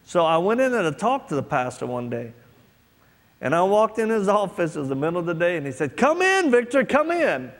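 A man delivers a sermon and tells stories, acting out the voices in them. His voice is gravelly and sits a little high for a man. It rings with the long reverb of a big hall. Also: lively intonation, a little fast. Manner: storytelling, acts out quoted voices. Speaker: preacher. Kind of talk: sermon with personal story.

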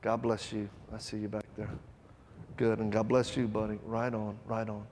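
A man preaching a sermon to a live audience, telling stories with acted-out voices and loud bursts, then leading an altar call. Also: on the low side, little pitch movement, normal speed, long reverb tail, slight background noise.

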